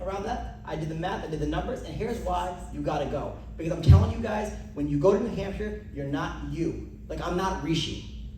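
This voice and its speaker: A brash young man doing stand-up crowd work, loud and swinging his pitch for bits, recorded from far off in an echoey comedy club. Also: a little fast, a little hiss or hum.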